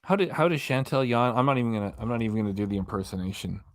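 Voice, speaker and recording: Male livestream host, mid-pitched, dry close mic, folksy and jokey with his chat. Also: animated, racing, dry recording. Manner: reads viewer comments aloud and answers them, folksy and joking. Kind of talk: casual late-night livestream chat. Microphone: desk microphone.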